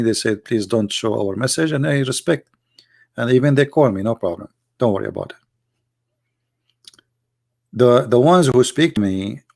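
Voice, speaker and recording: Creaky-voiced man hosting a livestream. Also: on the low side. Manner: animated storyteller in non-native broken English. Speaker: livestream host. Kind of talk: casual livestream chat.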